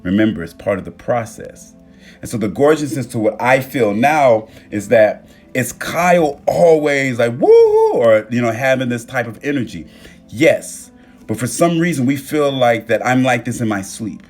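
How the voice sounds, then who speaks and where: A young man hosting a casual motivational livestream, animated and freely swearing as he talks straight to his viewers on a phone mic. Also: medium pitch, normal speed, soft background music. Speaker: livestream host.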